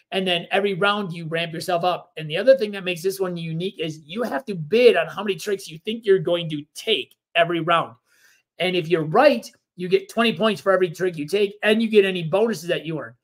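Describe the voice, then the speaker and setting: A man co-hosting a casual board game podcast, explaining rules in a relaxed, rambling way with plenty of fillers. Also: high-pitched, a little fast. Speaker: podcast co-host.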